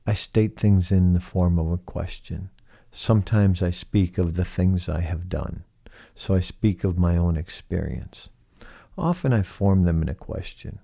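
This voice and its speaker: A man hosting a reflective solo podcast, speaking slowly and softly and asking many rhetorical questions. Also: low voice, gravelly. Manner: slow, soft-spoken, asks many rhetorical questions. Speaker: podcast host.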